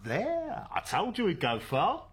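An actor playing a warm, chatty middle-aged man fondly catching up with old friends. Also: high voice, wildly swooping pitch, unhurried, husky, heavily acted. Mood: eager. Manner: warm, effusive, nostalgic, chatty. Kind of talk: stage drama dialogue.

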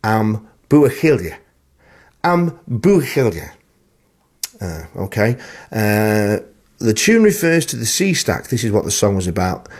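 A man's voice: on the low side, very animated, normal speed. A man hosting a radio music show, chatting playfully and reading out listener emails in a self-deprecating way. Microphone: studio broadcast mic.

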